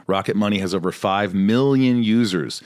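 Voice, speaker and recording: A podcast host with a deep voice reads a sponsor spot in a chatty, upbeat way, as if talking to a friend. The recording is close and dry, without room sound. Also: male voice, moderate pace, a little mellow, dry recording. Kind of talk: casual sponsor read.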